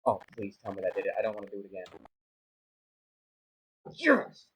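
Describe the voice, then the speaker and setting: A man's voice: low voice, flat delivery, racing, muffled recording, background noise. Flustered, self-mocking young man gaming. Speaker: gaming YouTuber. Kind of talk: casual gameplay commentary.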